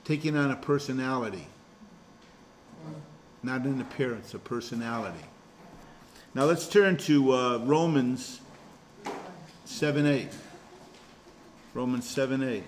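A man leads a small Bible study class as its pastor, talking through scripture in a relaxed, conversational way. He explains one verse at a time and often restarts his phrases mid-sentence. His voice sits at an ordinary middle pitch, with a faint hiss of noise behind it. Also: measured pace, long pauses. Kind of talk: informal Bible study teaching.

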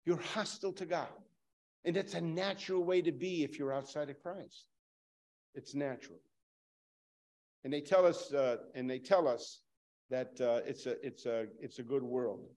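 A man preaching a sermon emphatically, repeating lines for stress and swinging from loud to hushed. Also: medium pitch, normal speed, long pauses.

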